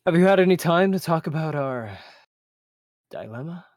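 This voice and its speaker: A man voicing a calm, kindly mentor with glasses. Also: a little high, dry recording, studio quality, pitched above the performer's own voice, close to an everyday voice. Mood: friendly. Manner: measured and encouraging, chuckles often.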